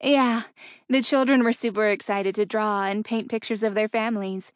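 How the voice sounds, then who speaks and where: Woman doing a young fiancée, soft-spoken, quietly hurt, mid-pitched, dry close sound. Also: fairly even intonation, normal speed, no room sound, lightly acted. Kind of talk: audiobook character reading.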